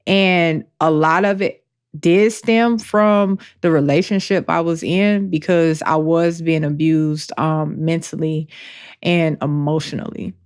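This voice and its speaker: A woman co-hosting a podcast, speaking openly and emotionally in a slow, halting way. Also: low voice, steady tone, clean tone. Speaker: podcast co-host. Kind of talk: candid personal talk.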